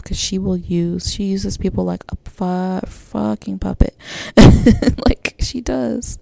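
A woman's voice: medium pitch, steady tone, slow pace, vocal fry, dark tone, no echo. A woman hosting a personal podcast, talking candidly in a rambling way with many fillers and restarts. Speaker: podcast host.

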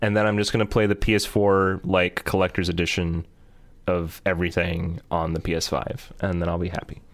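A man's voice: deep voice, little pitch movement, brisk. A man in casual chat about video games, joking and teasing his co-host.

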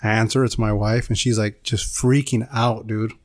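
A man's voice: on the low side, little pitch movement, moderate pace, no room sound, studio quality. A man co-hosting a podcast, telling a story in a casual, rambling way and saying "dude" a lot.

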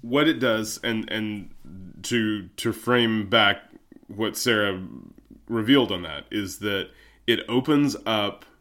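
A man's voice: fairly low pitch, slow pace, a bit bright. A man co-hosting a casual podcast chat, telling a story in a playful, joking way. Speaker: podcast co-host.

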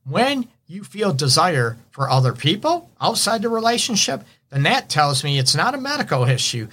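A man's voice: medium pitch, pushed and bright. A man who counsels couples, hosting a relationship advice show and talking through the topic in a conversational way, often checking in with "right?" and "you know". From Detroit area. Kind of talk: radio advice monologue.

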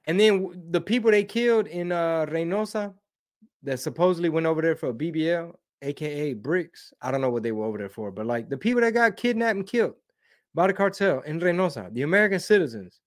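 A slangy man rambles through viewer comments on a casual live stream. His voice sits a bit high for a man, and he drops Spanish words into his talk. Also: animated, fairly quick. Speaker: comedian hosting a live stream.

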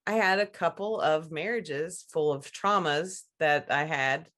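A woman's voice: sits low, unhurried, fairly bright tone. A woman talking frankly in a casual chat, laughing often as she makes her points.

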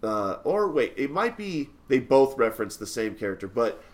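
A man on a casual movie podcast, rambling and swearing as he recounts a film. He stops and restarts often, then bursts into excited praise. His voice sits at a middling pitch for a man. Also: moderate pace. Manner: rambling, swearing, stop-start enthusiasm. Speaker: podcast co-host.

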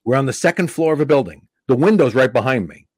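A middle-aged stand-up comedian tells a story on a podcast, talking fast in a medium-pitched voice with a breathy edge. He animatedly acts out the people in the tale in casual conversation. The audio is studio quality with no echo.

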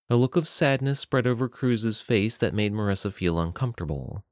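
A man reading a fantasy story aloud as narrator, in a steady, measured way. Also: on the low side, no echo, studio quality.

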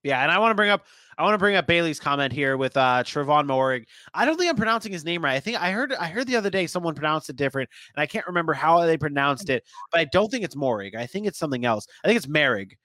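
Bright-voiced man chatting about sports. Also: on the high side, animated, fast talker, no room sound. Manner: chatty, thinks aloud with restarts and hedges. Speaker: sports podcast co-host. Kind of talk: casual sports podcast chat.

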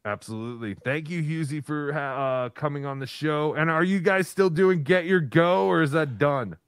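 A man's voice: on the high side, moderate pace, clear, resonant tone, dry recording. A man hosting a casual live podcast stream, rambling as he reads out viewer donations. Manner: rambling, reads out super chats. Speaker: podcast host.

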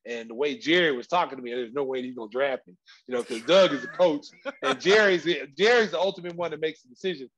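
A middle-aged man spins a lively, slang-filled story as a guest. His voice sits a little higher than most men's. He acts out the people in his story and now and then raises his voice to a shout. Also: fast talker, few pauses, slight background noise. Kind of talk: animated storytelling.

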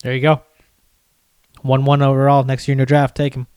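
A man's voice: mid-range voice, completely flat delivery, brisk, darkish tone, clear, resonant tone, no room sound. A man co-hosting a podcast, joking and bantering playfully. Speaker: podcast co-host. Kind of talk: casual fantasy football chat.

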